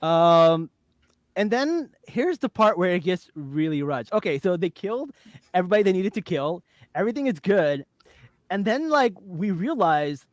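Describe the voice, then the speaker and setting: A woman hosting a casual podcast chat, animated and laughing often, with plenty of fillers. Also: fairly low pitch, no echo, studio quality. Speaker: podcast host.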